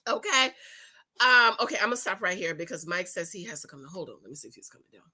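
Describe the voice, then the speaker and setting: A middle-aged woman chatting casually to her viewers while recapping a TV show, animated and laughing often. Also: fairly low pitch, fast talker. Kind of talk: casual reaction commentary.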